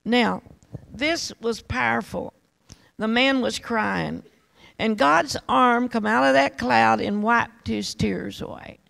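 Older woman preacher, very gravelly voice, fervent and pleading, uses endearments. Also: on the high side, slow, a bit bright, poor audio. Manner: fervent, calls listeners honey and baby doll. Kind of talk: sermon.

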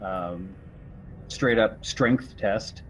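A man narrating as game master in a tabletop horror game, describing events in a relaxed, halting way. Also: fairly low pitch, a little hiss or hum. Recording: slightly dull lo-fi recording.

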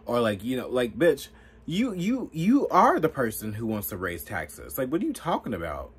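A man's voice: medium pitch, wildly swooping pitch, normal speed, breathy edge, soft background music. Heated, profane man ranting. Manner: profane, heated, lots of fillers. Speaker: political commentary vlogger. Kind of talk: ranting political commentary.

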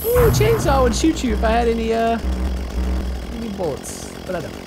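Excitable high-voiced male gamer. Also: a little fast, heavy background noise. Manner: excitable, jokey, sudden loud outbursts. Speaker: gaming YouTuber. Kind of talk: let's play commentary.

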